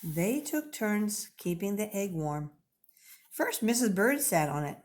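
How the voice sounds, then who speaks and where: Woman reading a picture book to little kids, slow and super expressive. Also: mid-range voice. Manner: expressive, clearly paced. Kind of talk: children's read-aloud.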